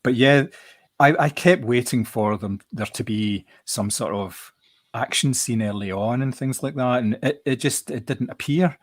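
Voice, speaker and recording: A man's voice: mid-range voice, measured pace. A man co-hosting a podcast, reviewing films in casual chat, often repeating words while he thinks. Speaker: podcast co-host.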